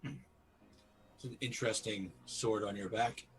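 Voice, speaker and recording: A man's voice: lowish voice, fairly even intonation, moderate pace, breathy edge, low-quality recording. A man playing a tabletop game, talking in an easygoing, earnest way. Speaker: player. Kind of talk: casual tabletop play.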